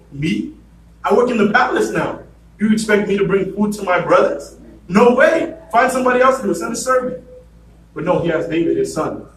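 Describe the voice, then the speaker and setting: A man's voice: on the high side, far from the mic, a little hiss or hum. A man preaching a sermon in a church, telling a story and acting out what the characters say. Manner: storytelling, acts out voices of the characters. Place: church sanctuary. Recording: echoey church room from afar.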